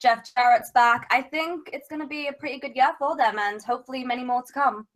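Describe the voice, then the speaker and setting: Young woman, guest, plain brief replies, a bit higher voice. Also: a little fast, a bit bright. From England. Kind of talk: casual live chat.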